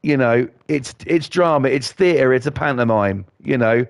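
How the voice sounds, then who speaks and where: A man's voice: medium pitch, moderate pace, dry recording. A man, ranting and swearing in a rambling way while he plays a video game. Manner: profane, rambling, indignant. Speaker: gaming YouTuber.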